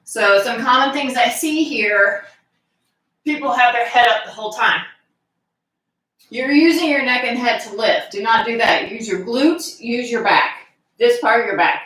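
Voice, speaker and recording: A woman fitness instructor leading a live exercise class, calmly giving cues and counting reps aloud. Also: a little high, a little slow. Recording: echoey room, voice from far off.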